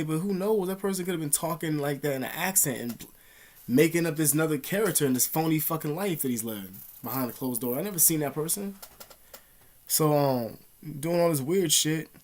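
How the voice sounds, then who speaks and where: A slightly high, somewhat mellow male voice belongs to a young vlogger casually recounting a personal story to camera. He speaks in a profane, slangy way, with lots of fillers.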